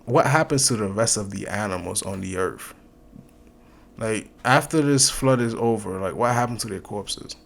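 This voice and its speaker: Male reaction host, low voice, rapid-fire incredulous questions, casual commentary. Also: vocal fry.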